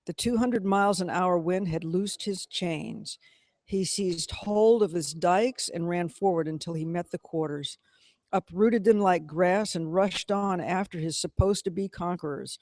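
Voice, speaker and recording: A man giving a measured, dramatic reading of a novel. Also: sits high, a little mellow, no echo. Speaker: reader.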